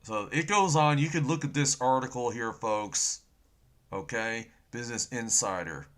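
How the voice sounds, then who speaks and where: Loud, excited man with a sore throat. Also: mid-range voice, unhurried. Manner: loud and excited, often yelling, says "folks" constantly. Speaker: host of an end-times prophecy channel. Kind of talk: excited end-times commentary while browsing news articles.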